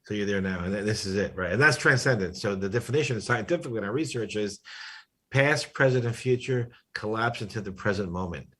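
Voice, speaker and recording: A man hosting a podcast, working through his thoughts out loud with many false starts. His voice is low and a little husky. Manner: thinks aloud, halting with frequent restarts. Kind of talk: conversational podcast discussion.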